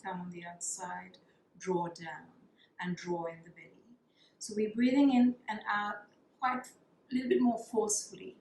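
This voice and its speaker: A woman teaching a yoga class, guiding breathing practices in a calm, soothing way and counting the breaths. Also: medium pitch, slight background noise. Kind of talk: guided yoga breathing instruction. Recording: echoey room with faint ambience.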